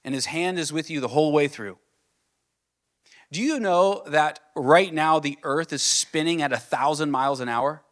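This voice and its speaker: A man preaching a sermon as pastor, earnest, asking the listeners questions and dropping to a soft, low voice on key points. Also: moderate pace. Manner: earnest, builds with rising questions then drops soft.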